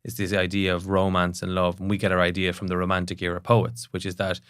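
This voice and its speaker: A middle-aged man, a therapist, explaining ideas in a fast, conversational way and checking in with "right?". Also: low voice, completely flat delivery, fairly bright tone, clean tone, dry recording, clean studio sound. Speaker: psychotherapist guest.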